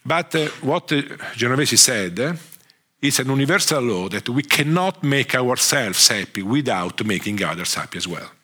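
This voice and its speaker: A man with an Italian accent giving a conference lecture, speaking haltingly with frequent restarts and fillers. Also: medium pitch, lively intonation, pushed and bright, slightly rough. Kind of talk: conference talk.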